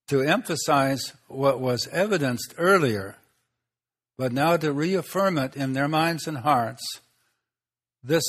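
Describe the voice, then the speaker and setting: A man preaching a sermon, teaching in an unhurried way, pausing often and asking the listeners rhetorical questions. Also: mid-range voice.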